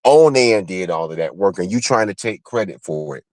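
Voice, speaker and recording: A man's voice: low voice, lively intonation, a little mellow, no room sound. Man ranting on a live stream, blunt and cussing, dry close sound. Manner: blunt, profane, rapid-fire calling out. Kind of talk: heated livestream call-out chat.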